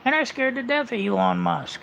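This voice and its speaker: A man's voice: very high-pitched, lively intonation, brisk, creaky, a bit bright, a little hiss or hum. A man livestreaming a casual, rambling monologue, blunt and full of swearing, on muffled lo-fi audio.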